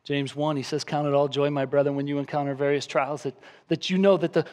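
A man with a high-pitched voice preaches to his congregation. He reads scripture aloud and drives his points home with emphatic repetition. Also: little pitch movement, fast. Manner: emphatic preaching, acts out a crying baby with shouts. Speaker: pastor. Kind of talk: sermon.

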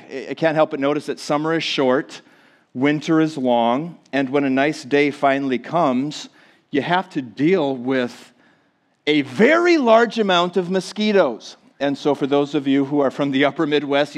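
Joking Minnesotan pastor in his forties. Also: on the high side. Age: 40s. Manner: joking, self-deprecating, chatty with many fillers. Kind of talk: casual sermon to a congregation.

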